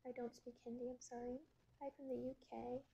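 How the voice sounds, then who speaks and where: A woman chatting casually on a phone livestream, greeting viewers and reading their comments aloud in a breezy way, quick to laugh. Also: on the high side, little pitch movement, gravelly, warm tone, husky, lo-fi sound. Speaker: actress hosting a livestream.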